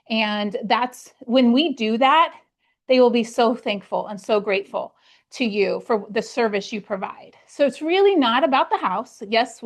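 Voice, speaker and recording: High-voiced woman giving a team pep talk. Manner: earnest, storytelling, acts out her own past worries. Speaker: real estate team leader. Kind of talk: motivational team meeting talk.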